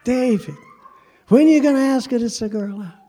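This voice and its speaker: A man's voice: very high voice, brisk, dark tone, pitched above the performer's own voice. A pastor voicing a pushy older Italian woman who plays matchmaker, with a put-on Italian accent and a nagging, teasing manner.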